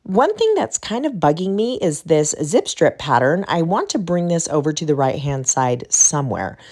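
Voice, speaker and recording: A woman hosting a craft tutorial in a low, chatty voice, still a little off as it recovers from a recent illness. She talks through each choice casually as she works, a middle-aged host thinking out loud. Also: big pitch swings, moderate pace.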